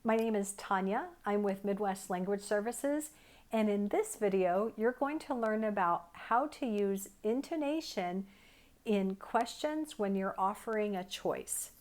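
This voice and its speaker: Slow, deliberate woman teaching English. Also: mid-range voice, animated, a little mellow. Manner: carefully enunciated model sentences. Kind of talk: slow, clear teaching delivery.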